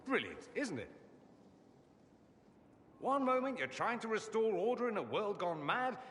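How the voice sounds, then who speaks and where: A man's voice: high-pitched, sing-song, measured pace, fairly bright tone, a little hiss or hum, full character voice. A man voicing a witty, proud male mage who talks in a wry, teasing and theatrical way. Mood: sardonic. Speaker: game character. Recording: game audio with long reverb.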